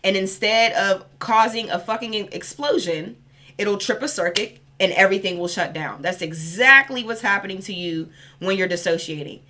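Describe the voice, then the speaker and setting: Bright-voiced chatty woman reader. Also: mid-range voice. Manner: chatty, rambling, swearing casually. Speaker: spiritual reader. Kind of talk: casual spiritual reading vlog.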